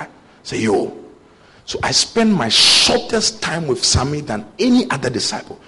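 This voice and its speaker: Slightly high and breathy at the edges, this young man's voice moves at a moderate pace as he preaches. His sermon leans on animated personal stories, with him playing both sides of every conversation.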